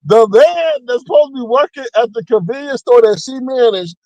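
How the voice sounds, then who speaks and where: A man hosting a casual gossip commentary, talking in a mocking, animated way and acting out what people said. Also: normal speed, no echo, low-quality recording. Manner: animated, mocking, acts out quotes with big pitch jumps. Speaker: commentary channel host.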